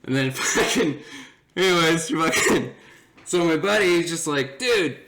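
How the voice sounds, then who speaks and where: Animated young man telling a story. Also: on the high side, unhurried. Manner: animated, laughs often, acts out friends' voices. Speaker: podcast host. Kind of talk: casual storytelling.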